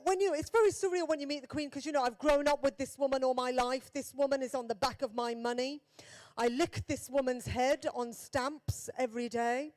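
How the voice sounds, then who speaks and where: A woman comedian with a Birmingham accent doing a stand-up set, chatty and self-deprecating, with quick asides to the audience. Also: high-pitched. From England.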